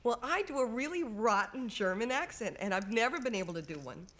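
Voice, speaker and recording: Young woman, talk show guest; lively, laughing, chatty storyteller. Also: on the high side, brisk. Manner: giggly, animated storytelling. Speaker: film actress guest. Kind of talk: studio chat show interview. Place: television studio.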